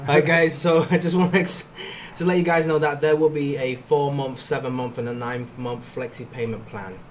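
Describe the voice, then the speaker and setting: A man's voice: on the high side, moderate pace, slight background noise. A man hosting a live stream, giving viewers casual updates and talking with his co-host. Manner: relaxed, addresses viewers directly with updates. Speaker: livestream host.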